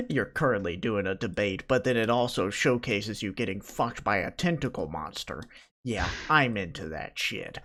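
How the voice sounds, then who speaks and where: A man's voice: on the low side, expressive, a little slow, pauses often, pushed and bright. A man co-hosting a podcast, teasing crudely and bursting into laughter. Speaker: podcast co-host. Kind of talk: crude casual banter.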